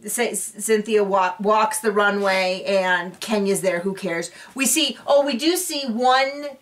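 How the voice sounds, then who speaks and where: A woman hosts a casual recap show, speaking slowly in a medium-pitched voice. She is chatty and opinionated, tossing in sarcastic asides, and she sits a bit away from the mic.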